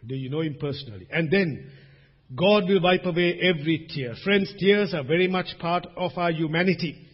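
A man preaching a sermon as pastor, swinging between loud emphasis and hushed asides. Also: a little high, moderate pace. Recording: dull recording with long hall reverb.

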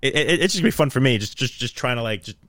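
A man's voice: medium pitch, animated, very fast, a bit bright, no room sound. A young man in casual podcast chat, rambling and laughing often, with jokey put-on voices.

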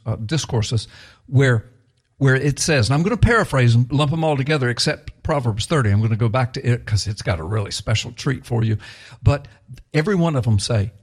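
A man preaching a sermon in a conversational, emphatic way, repeating key phrases for effect. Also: mid-range voice.

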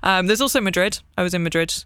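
Bright, playful British woman. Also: fairly low pitch, fast, smooth, dry recording, clean studio sound. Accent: British English. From Britain. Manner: playful, animated storyteller, self-mocking humor. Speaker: guest, English teacher. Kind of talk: casual interview chat.

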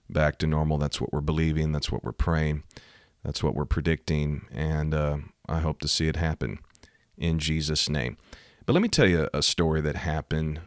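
A man's voice: very deep voice, no room sound, studio quality. A man hosting a Christian podcast, telling a story in an earnest, folksy way. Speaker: podcast host. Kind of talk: storytelling devotional podcast talk.

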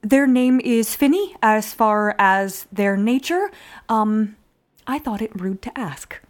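A woman playing a tabletop game, speaking hesitantly with many pauses and fillers. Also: on the high side, lively intonation. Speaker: player.

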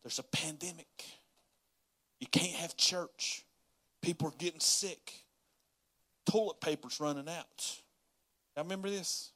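Pastor, male, bright, slightly high voice; folksy sermon delivery that swells into loud pleading. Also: unhurried, pauses often. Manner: folksy Southern-style preaching, rising to yelling in acted prayers.

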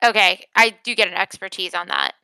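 A woman playing in a tabletop role-playing game, playful and quick to laugh. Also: medium pitch, wildly swooping pitch, vocal fry, bright, forceful tone, clean tone, no echo, low-quality recording. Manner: playful and giggly. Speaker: player. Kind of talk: casual tabletop play.

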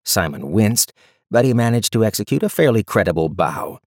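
A man narrating an audiobook in a measured, steady way. His voice is on the low side. The recording is dry and close, with no room sound. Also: no room sound.

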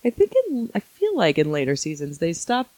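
A woman's voice: sits low, huge pitch swings, a little fast, a little mellow, no room sound. Chatty, giggly woman podcaster. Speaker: podcast co-host. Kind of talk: casual chat.

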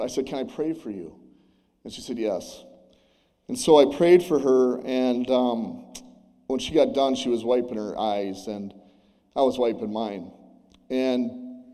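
A man tells a personal faith story to a gathering, speaking earnestly and haltingly, full of restarts and fillers. His tone is mellow and dark, and his voice wavers as tears come. A long reverb from a large hall trails each phrase. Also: medium pitch. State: tearful, voice breaking. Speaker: churchgoer sharing a testimony. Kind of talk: personal testimony.

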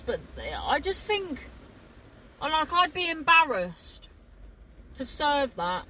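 A woman's voice: high voice, sing-song, slow pace, pushed and bright, slight background noise, poor audio. A woman chatting casually to camera in a rambling, sweary way, often trailing off mid-thought. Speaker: vlogger.

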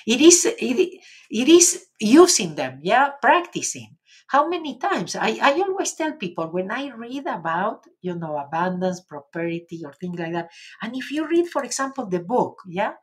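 Her voice is medium-pitched and husky. A native Spanish speaker with an Argentinian accent, she runs a relaxed live stream, reading out viewers' comments warmly and encouragingly, using lots of filler words.

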